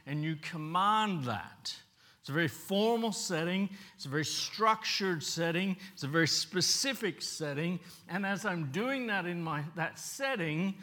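A middle-aged man from a Papua New Guinea upbringing delivers a story-driven sermon in a high-pitched, pushed, bright voice, speaking conversationally and questioning the congregation.

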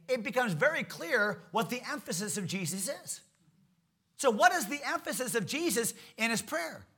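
A man's voice: high-pitched, pushed and bright. A man preaching a sermon in an emphatic way, repeating key words and asking the congregation rhetorical questions.

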